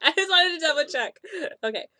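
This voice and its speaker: Female podcast co-host, high bright voice, giggly and excitable, dry sound. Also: fairly quick, dry recording. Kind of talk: casual chat.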